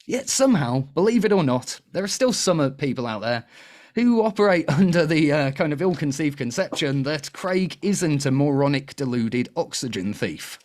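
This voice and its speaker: A man's voice: a little high, expressive, normal speed, darkish tone. Cheeky man hosting a quiz show. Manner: cheeky, chatty, laughs often. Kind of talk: casual comedic panel quiz hosting.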